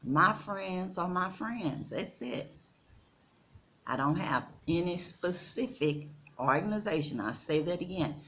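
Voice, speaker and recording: Texan woman, 60s, unhurried earnest vlogger, faint background hiss. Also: fairly low pitch, expressive, a bit bright. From Texas. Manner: slow, earnest, addresses viewers as y'all. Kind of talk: casual chat. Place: outdoors in the Gambia.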